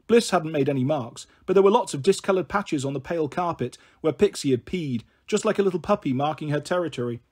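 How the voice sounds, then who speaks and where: A man reading a children's novel aloud, expressive in his narration. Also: on the high side, husky. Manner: expressive, shifts voice for characters. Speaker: storyteller.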